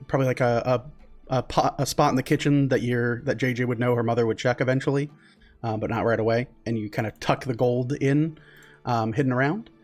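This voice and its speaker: A man narrating as game master in a tabletop game, with relaxed narration full of fillers. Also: medium pitch.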